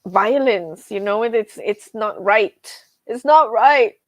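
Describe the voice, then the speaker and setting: A woman's voice: on the high side, slow, dry recording. Chatty woman host with a dry close sound. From grew up on a ranch. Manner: chatty, reads viewer comments aloud; animated storytelling with laughs. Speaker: livestream host. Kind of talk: casual livestream chat.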